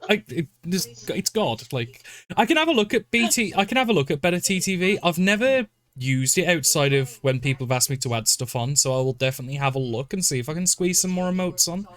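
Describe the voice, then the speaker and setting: A man's voice: fairly high pitch, lively intonation, brisk, few pauses, a bit bright. A man hosting a game stream, rambling casually, swearing and laughing often. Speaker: streamer and host.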